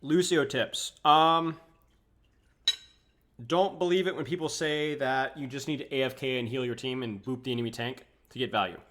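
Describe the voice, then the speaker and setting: A man's voice: medium pitch, moderate pace, slight background noise. A young man coaching a video game on a live stream, chatting casually and answering viewers' questions while he eats. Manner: relaxed, answers chat questions while eating.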